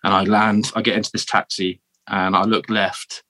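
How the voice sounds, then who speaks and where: A man in his thirties from the south of England with a southern English accent, telling stories as a guest in a casual interview, animated and full of restarts. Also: lowish voice, normal speed, no room sound. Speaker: guest, former marine.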